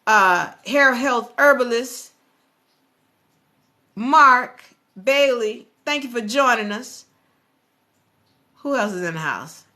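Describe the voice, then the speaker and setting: A woman hosting a motivational live stream, talking in an animated, preachy way and speaking straight to her viewers. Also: fairly high pitch, takes it slowly, pauses often.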